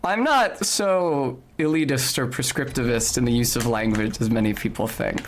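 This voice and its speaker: A man's voice: mid-range voice, moderate pace, slight background noise. A man streaming a video game, chatting casually with precise, articulate diction and sudden bursts of swearing at the game. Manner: talks of sounding like a snob. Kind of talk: casual gameplay commentary.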